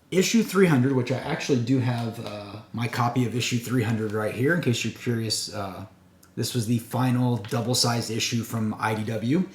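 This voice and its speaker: Guy rambling thru a comic review at his desk, lots of ums, roomy echo. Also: medium pitch. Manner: chatty, rambling with fillers and self-corrections. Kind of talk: casual video review. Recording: echoey room.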